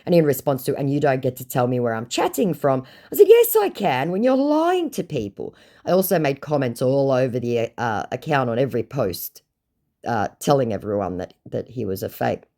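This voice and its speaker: A woman's voice: extremely low pitch, expressive, a little fast, dark tone. A woman recounting a scam chat in storytime narration, with sarcastic, mocking asides.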